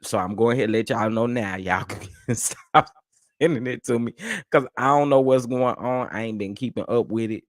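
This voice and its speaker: A man with a lowish voice hosts a casual livestream commentary. He talks in a chatty, dismissive way, laughing between remarks, and the sound is dry and close. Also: no room sound. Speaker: host of a commentary channel.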